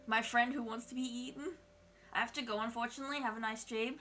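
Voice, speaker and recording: A woman's voice: on the high side, fairly even intonation, fast, bright, forceful tone, slight background noise. A woman streamer with a put-on Australian accent and a congested throat, chatting playfully and scolding her chat. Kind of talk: casual live-stream chat. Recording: background music playing.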